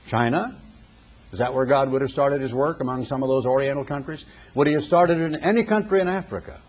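Husky older man preaching on radio. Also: fairly high pitch, darkish tone. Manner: rhetorical questions, emphatic and preacherly. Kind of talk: radio sermon.

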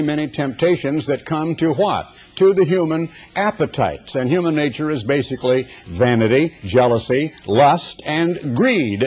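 Husky older man preaching folksy sermon. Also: mid-range voice, darkish tone. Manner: folksy storytelling with humorous asides. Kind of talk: sermon with anecdotes.

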